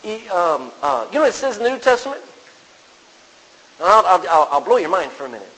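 A man's voice: high voice, big pitch swings, a little fast, fairly bright tone. A man preaching a sermon in a conversational way, quoting scripture and putting questions to the congregation. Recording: long reverb of a large hall.

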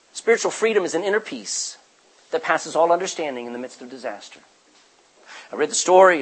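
Male pastor, husky and slightly high, emphatic sermon delivery that drops from loud to near-hushed. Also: low-quality recording.

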